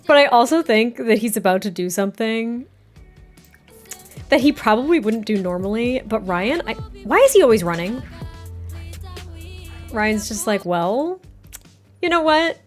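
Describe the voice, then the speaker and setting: Giggly high-voiced woman gaming YouTuber. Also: moderate pace, long pauses, soft background music. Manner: giggly, gushing, excitable. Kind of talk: casual gameplay commentary.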